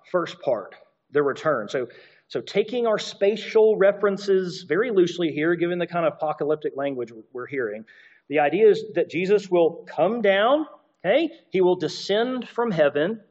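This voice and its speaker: A man's voice: sits high, lively intonation, normal speed, darkish tone, dull audio. A man preaching a sermon, explaining scripture in a conversational teaching manner with asides and repeated points. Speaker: pastor.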